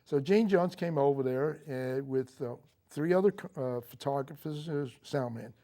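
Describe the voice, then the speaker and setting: An older Marine veteran recounts his memories in a local TV studio interview, speaking haltingly with many fillers and restarts. His voice is mellow and on the high side.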